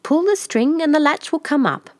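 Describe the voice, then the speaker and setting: A woman's voice: high-pitched, big pitch swings, moderate pace, a little mellow, pitched above the performer's own voice. A woman voicing a very old, feeble and slightly deaf grandmother in a storybook.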